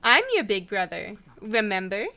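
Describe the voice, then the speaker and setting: A woman reading the part of a sadistic young man who taunts his captive as her fake big brother, in a slow, mocking drawl. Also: medium pitch, lively intonation, vocal fry, sharp tone. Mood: taunting.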